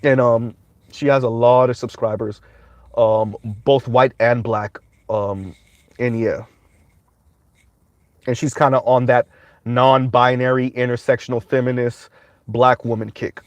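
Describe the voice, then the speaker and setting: A man's voice: mid-range voice, steady tone, unhurried, long pauses, dry recording, highs cut off. A man giving casual livestream commentary, rambling along with frequent "um" fillers.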